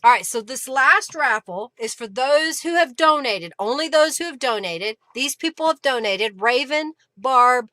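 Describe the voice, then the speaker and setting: A woman's voice: high-pitched, expressive, measured pace, few pauses, bright, forceful tone, dry recording. A woman with an Oklahoma accent hosting a live crafting stream, chatting with viewers and thanking them by name. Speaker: craft livestream host. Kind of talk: casual live-stream chat.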